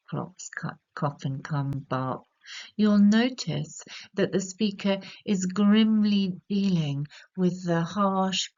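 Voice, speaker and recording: Lower-voiced British woman explaining a poem. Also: darkish tone. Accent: British English. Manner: measured, explanatory, slows to stress key words. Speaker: literature tutor. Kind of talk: recorded poetry analysis lesson. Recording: slightly dull lo-fi audio.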